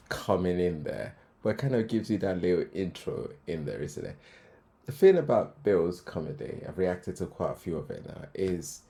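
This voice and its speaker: A man's voice: low voice, mellow. A man, hosting a reaction video with casual, amused, appreciative commentary.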